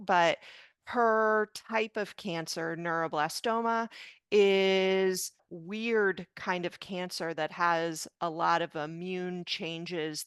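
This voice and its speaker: A woman's voice: fairly low pitch, fairly bright tone, smooth, no room sound. A woman in her fifties, a doctor and mother, earnestly telling a personal story in an interview. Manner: slow, earnest, emotional recounting. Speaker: physician and parent guest.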